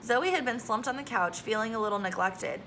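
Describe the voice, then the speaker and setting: A woman reads a children's novel aloud in a gentle, expressive way. Her voice is bright and sits a little high. A faint low rumble sits under the recording. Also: brisk. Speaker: audiobook reader. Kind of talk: storybook read-aloud with character voices.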